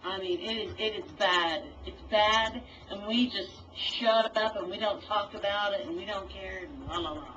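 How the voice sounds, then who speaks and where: A woman's voice: mid-range voice, normal speed, hardly any pauses, a bit bright. A woman in an online voice chat, delivering a heated, profane, lecturing rant. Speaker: voice chat participant. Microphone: computer mic in voice chat. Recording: distant, dull lo-fi voice chat audio with faint hiss.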